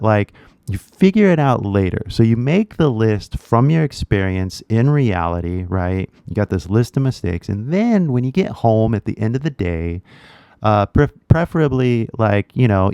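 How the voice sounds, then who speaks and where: Male accent coach, Californian accent, easygoing slangy delivery, low-pitched, dry sound. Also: darkish tone, clean tone, no room sound, dull audio. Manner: laid-back slangy talk, keeps tagging "right?". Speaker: English accent teacher. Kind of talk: casual spoken lesson.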